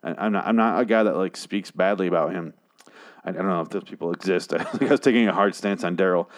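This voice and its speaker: A man's voice: sits low, quick pace. Sarcastic, profane man ranting. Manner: mimics characters in brief jokey voices. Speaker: podcast host reviewing a TV episode. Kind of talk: casual recap monologue.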